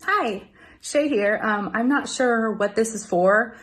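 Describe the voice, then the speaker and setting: A woman's voice: on the high side, slow. A woman sending in a casual clip, chatting and giggling as she tries a hard word. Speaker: guest clip sender. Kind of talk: casual chat.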